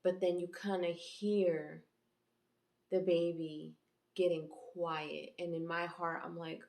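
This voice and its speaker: A woman's voice: lowish voice, level tone, slow pace, gravelly, a little mellow, echoey room. A woman host giving a casual, chatty episode review, rambling with fillers and restarts. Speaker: YouTube reviewer and channel host.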